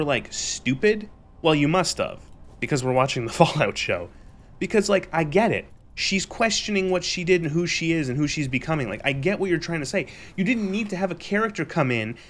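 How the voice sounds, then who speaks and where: A young man streamer recapping a show in a casual, exasperated rant, animated and swearing freely. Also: a little high.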